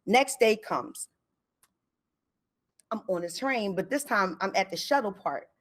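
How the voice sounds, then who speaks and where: A woman telling a personal story to a live audience in a lively, conversational way, acting out what people said. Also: medium pitch, measured pace.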